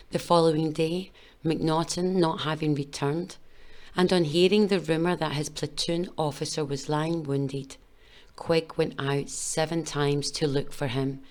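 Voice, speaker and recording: A woman giving a measured, solemn scripted documentary narration. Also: low-pitched.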